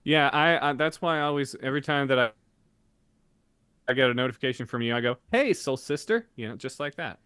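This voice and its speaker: A man co-hosting a podcast in playful banter, delivering mock-formal jokes deadpan. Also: medium pitch, fast talker, smooth, no echo. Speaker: podcast co-host.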